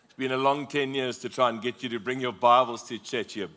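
A man's voice: mid-range voice, steady tone, fairly quick, bright, forceful tone. A middle-aged man preaching a passionate sermon as pastor, prompting the congregation to repeat lines.

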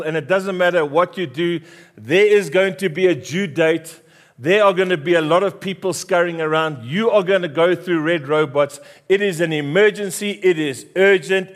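A middle-aged South African man, a pastor, preaching a passionate sermon with emphatic repetition. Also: sits high.

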